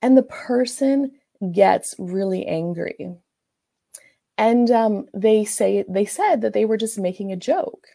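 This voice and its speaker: She's a life coach whose medium-pitched voice is animated, slow, warm, and touched with vocal fry. In a loose, rambling way she tells a client's story, restarting often and saying "like" a lot.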